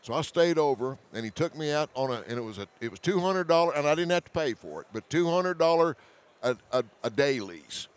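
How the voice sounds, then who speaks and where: A man's voice: on the high side, clean tone. Guy telling hunting tales, voice jumps all over, keeps laughing and restarting. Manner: animated storyteller, laughs often; hurried restarts and repeated words. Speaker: hunting show host as guest. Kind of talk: storytelling in conversation.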